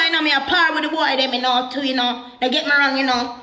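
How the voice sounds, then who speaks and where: A Jamaican woman speaks in patois with a high, sharp voice, pouring out a personal story in an animated, heated way. The sound rings around an echoey room. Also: quick pace.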